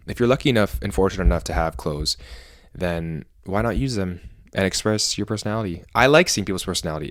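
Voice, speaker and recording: A man's voice: low-pitched, no echo, clean studio sound. A man vlogging casually about fashion, chatty and opinionated, rambling with self-corrections. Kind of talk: casual talking-head vlog.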